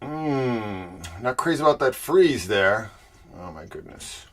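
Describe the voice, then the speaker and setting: A middle-aged man with a Boston accent hosts a casual livestream. He warmly and loosely greets viewers by name, with an upbeat, chatty delivery. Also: mid-range voice, animated, takes it slowly, soft background music. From Boston area. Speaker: livestream host.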